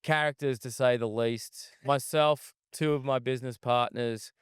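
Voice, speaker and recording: A man's voice: medium pitch, fairly even intonation, normal speed, clear, resonant tone, no room sound, clean studio sound. A man, a guest chef, telling a long, profane story in a casual interview, recorded at an outdoor desert festival camp.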